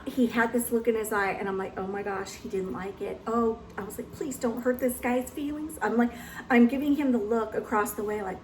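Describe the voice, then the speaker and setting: A woman's voice: on the high side, fairly even intonation, a little fast, a little mellow, a little hiss or hum. A woman vlogger telling a story in a chatty way, acting out what others said. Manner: chatty, acts out quotes of others. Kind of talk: casual storytelling. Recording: echoey room.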